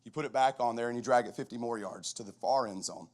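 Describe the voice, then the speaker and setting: At a chapel, a middle-aged football coach delivers a lively storytelling talk in a conversational style with many restarts. He has a mid-range voice and a quick pace.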